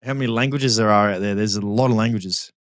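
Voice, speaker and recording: Dry-sounding host posing questions. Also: male voice, fairly low pitch, fast, dry recording. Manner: laughs easily, poses questions. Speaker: podcast co-host. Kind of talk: casual banter.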